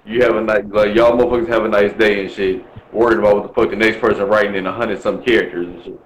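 A man's voice: on the low side, fairly even intonation, fast, reverberant, a little hiss or hum, low-quality recording. A man from Milwaukee talking bluntly and profanely in a casual chat, ranting with lots of swearing. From Milwaukee, USA.

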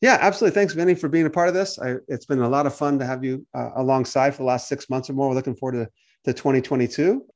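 A man's voice: medium pitch, very fast. A man who hosts a podcast and preaches, talking casually and acting out the voices of people he quotes. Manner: animated storytelling, acts out quoted voices. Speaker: podcast host and pastor. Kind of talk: casual conversation.

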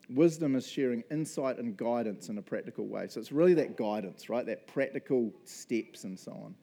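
A man preaching a casual, conversational sermon as pastor, laughing often and making quick asides during a church service. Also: medium pitch, dark tone.

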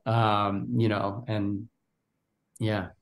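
A man's voice: on the low side, flat delivery, very slow. A man from Bulgaria, an actor giving an interview in casual conversation, speaking animatedly and often repeating words as he starts his thoughts. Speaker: actor guest.

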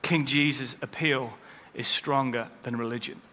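A man's voice: medium pitch, fairly even intonation, moderate pace, sharp tone, slight background noise. A man preaching a sermon as pastor, with rising emphasis as he quotes scripture. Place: church. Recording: long hall reverb.

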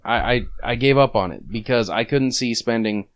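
A man's voice: medium pitch, normal speed. A man co-hosting a casual gaming podcast, grumbling crudely about game prices. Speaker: podcast co-host.

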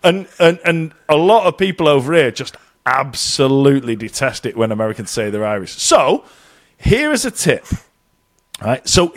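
A man from England, co-hosting a casual podcast chat, ranting tongue-in-cheek and quoting people in put-on voices. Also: a little high. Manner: animated, swearing, tongue-in-cheek rants with put-on quotes. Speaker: podcast co-host living in Ireland.

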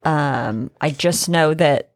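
A woman's voice: sits low, no room sound. Chatty woman podcast host, dry sound. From Oklahoma. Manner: chatty, restless, quick to laugh. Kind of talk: casual chat.

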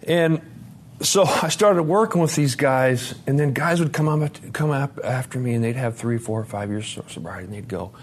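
A man in his forties giving a recovery testimony at a conference, storytelling in a lively, profane way, swinging from loud to soft. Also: mid-range voice, normal speed, slight background noise. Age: 40s. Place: conference hall talk.

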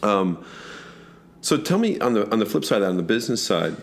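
Deep-voiced guy asking laid-back questions in a chill interview. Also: a little fast, creaky. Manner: short affirmations, relaxed questions. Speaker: podcast host. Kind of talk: casual interview.

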